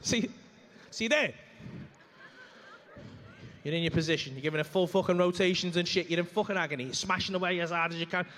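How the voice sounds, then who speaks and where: Man, very high voice, crude ranting stand-up, comedy club stage. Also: brisk, long pauses, fairly bright tone, a little hiss or hum.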